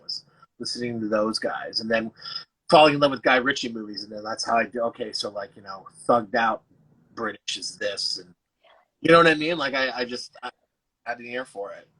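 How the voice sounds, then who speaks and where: Husky, forceful man chatting loosely. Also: mid-range voice, poor audio. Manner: loose, swearing, many fillers and restarts. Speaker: actor and DJ guest. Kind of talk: casual chat.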